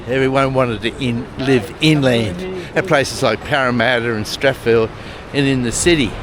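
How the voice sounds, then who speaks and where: A man's voice: mid-range voice, normal speed, crowd noise. An Australian man narrating a casual travel vlog outdoors on a coastal walk, chatty and wry with friendly asides. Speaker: travel vlogger. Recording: noisy outdoor street recording. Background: traffic and outdoor ambience.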